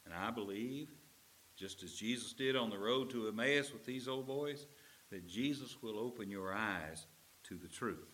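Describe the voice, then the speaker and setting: A man's voice: fairly low pitch, moderate pace, fairly bright tone, slight background noise. A man preaching a sermon in an earnest, emphatic manner, stretching out key phrases.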